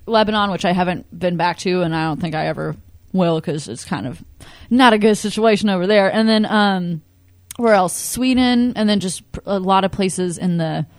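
A woman's voice: lowish voice, moderate pace, no echo. A young woman from California talks in a loose, rambling way, peppering every thought with "like". The sound is dry and close, with no room around her. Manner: rambling, heavy use of "like". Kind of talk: casual chat.

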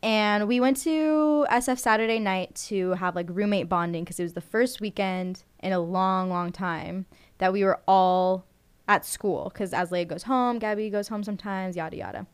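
A woman's voice: mid-range voice, normal speed, smooth. Chatty young woman hosting college radio. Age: young adult. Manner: chatty, rambling, with many fillers and giggles. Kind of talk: casual radio chat.

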